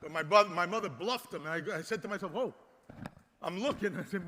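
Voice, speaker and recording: A man giving an impassioned conference speech, exhorting the crowd and swinging between loud and soft. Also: high-pitched, brisk, a little hiss or hum. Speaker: conference speaker. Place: large conference hall. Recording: long hall reverb.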